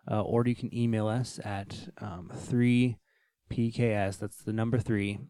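A man's voice: fairly low pitch, fairly even intonation, a little slow, warm tone, clear, resonant tone, no echo. A man co-hosting a faith podcast in casual chat, hesitant with many ums. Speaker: podcast co-host.

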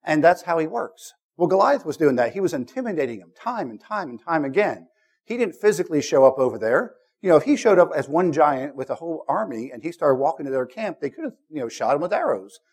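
A man preaching a sermon, mixing casual asides with scripture readings and building to loud, emphatic repeated declarations. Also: on the high side, very animated, fast, breathy edge.

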